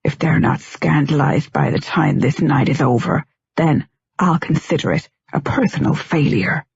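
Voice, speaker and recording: A woman voicing an impatient, scarred grown man who mutters low and gruff, in an audiobook. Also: moderate pace, darkish tone, no echo, exaggerated voice. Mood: commanding. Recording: dull lo-fi, dry.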